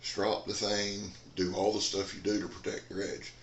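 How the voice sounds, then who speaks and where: A man's voice: on the low side, flat delivery, moderate pace, echoey room, slight background noise. A man, rambling in a folksy casual chat as a knife reviewer in a dim room. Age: 40s.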